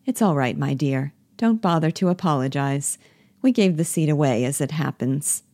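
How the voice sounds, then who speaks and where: A woman's voice: sits low, animated, normal speed, mellow, no echo. Bitter jealous wife, read by a woman. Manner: reproachful, cutting, pleading. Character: young married woman, bitter, jealous, pleading. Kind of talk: play reading.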